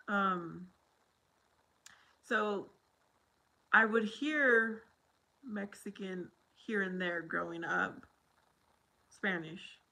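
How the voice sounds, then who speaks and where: A woman's voice: mid-range voice, sharp tone, rough recording. An American woman hosting a casual livestream, rambling and chatty as she talks with viewers and laughs often. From United States.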